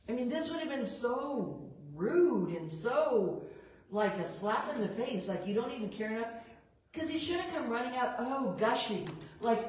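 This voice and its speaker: Expressive woman teaching Bible study, echoey room. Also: high-pitched, normal speed. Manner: expressive, acts out biblical characters in quoted dialogue. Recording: roomy echo, voice a bit far from the mic.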